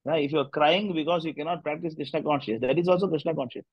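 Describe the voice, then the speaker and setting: Husky-voiced man. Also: a little high, fast talker, no echo, highs cut off. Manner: loose, rambling, full of "you know" fillers. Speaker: spiritual teacher leading a discussion group. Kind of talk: devotional storytelling talk.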